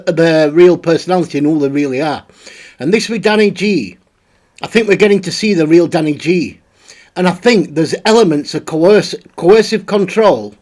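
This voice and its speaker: Blunt commentary host. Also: male voice, a little high, a little mellow. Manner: rambling, blunt, with frequent restarts. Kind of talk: casual spoken commentary.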